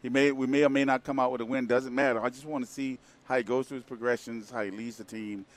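A man's voice: mid-range voice, fairly even intonation, fast talker. Rambling man on sports radio. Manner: rambling, repeats words, many fillers. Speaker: co-host. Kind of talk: casual sports radio talk.

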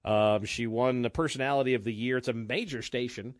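A man hosting a talk radio show in casual banter, chatty, with halting restarts and frequent laughs. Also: medium pitch, fairly even intonation, no room sound, studio quality.

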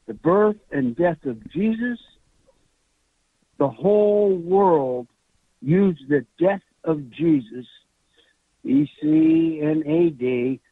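Male caller, slow, earnest, raised pitch, dry tinny phone sound. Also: no echo. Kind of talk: recorded phone message to a radio show.

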